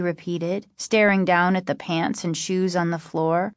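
A woman narrating a spooky storybook in a measured, steady storytelling manner. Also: lowish voice, no room sound, studio quality. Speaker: audiobook narrator. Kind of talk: scripted narration.

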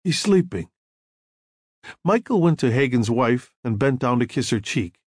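A male audiobook narrator reading in a measured storytelling manner at a mid pitch. His intonation rises and falls in a lively way, and the recording is close and dry. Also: breathy edge, no room sound. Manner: measured storytelling with acted dialogue.

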